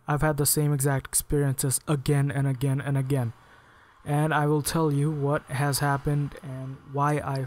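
A man's voice: a little high, darkish tone, no room sound. A man ranting angrily at home, swearing often and sounding exasperated. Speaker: vlogger. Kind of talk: angry rant to camera.

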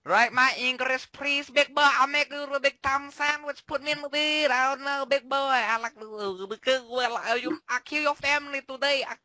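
A man's voice: very high voice, steady tone, normal speed, few pauses, sharp tone, no room sound, pitched above the performer's own voice, exaggerated voice. A young man putting on a mock foreign man who speaks broken English and makes blustering threats.

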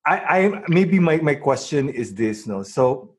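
A man hosting a casual interview, affirming his guest in a halting way with repeated words. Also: on the high side, big pitch swings, darkish tone, husky. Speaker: host.

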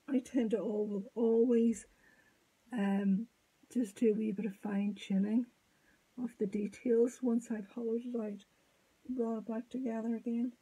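Woman, very breathy, dark mellow tone, craft tutorial, halting, murmurs as she works. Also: mid-range voice, rough recording. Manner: halting, thinking aloud while working, often drops to a murmur. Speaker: sculpting teacher.

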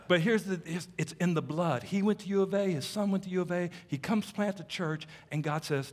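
A man preaching as a pastor, telling stories in an animated way and teasing the congregation with playful asides. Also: high-pitched, a little fast, few pauses. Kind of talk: sermon. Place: church sanctuary. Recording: long hall reverb.

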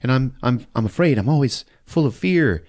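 A man's voice: mid-range voice, expressive, normal speed, darkish tone, voice pushed up, natural voice. A man voicing a foul-mouthed, blunt rich widow who talks in a crude, matter-of-fact way.

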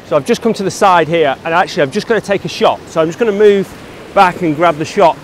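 English guy vlogging his hike, excited about the light, slightly high voice. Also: fast, slight background noise, poor audio. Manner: enthusiastic, talks while hiking and shooting. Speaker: landscape photography vlogger. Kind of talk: casual outdoor vlog narration. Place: outdoors on a mountain by a river.

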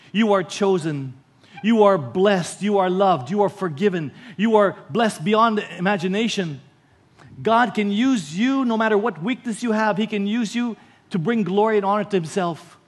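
Filipino pastor guy preaching, fairly high voice, repeats his points. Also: normal speed. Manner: preaching with told stories and repeated lines. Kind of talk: sermon.

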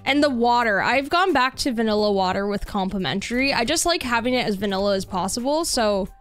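A Canadian woman chats easily while she plays a game on stream, her voice a little higher than most and quick to laugh. Soft music plays faintly underneath her. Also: expressive. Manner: chatty, reads chat aloud, laughs easily. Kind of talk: casual chat while gaming.

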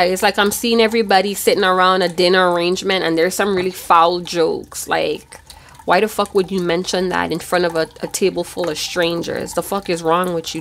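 A woman's voice: lowish voice, a bit bright, a little hiss or hum. A woman giving a casual tarot reading, chatty and loose, with casual swearing. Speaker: tarot reader.

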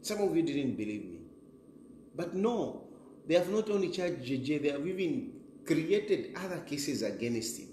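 A middle-aged Zambian show host delivers a combative, repetitive political monologue straight to the camera, moving back and forth between English and Bemba. His voice is a little high, sing-song, unhurried, and warm. The room gives an echo, and a faint hiss sits in the background.

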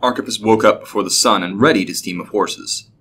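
Low-voiced man narrating a story. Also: a little fast, a bit bright, slight background noise.

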